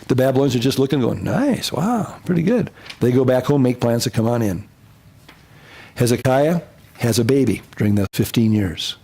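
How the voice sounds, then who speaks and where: Speaking in a mid-range male voice, a pastor lectures his Bible survey class animatedly. Key ideas get repeated, and he occasionally voices quotes in humorous impressions.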